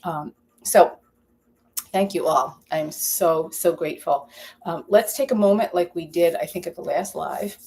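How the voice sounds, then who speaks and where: A woman hosting a live stream from her home kitchen, with a slightly low voice. She chats loosely and rambles, stopping to read viewer comments aloud. The talk is casual and unscripted. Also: measured pace, a little mellow. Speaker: cooking channel host.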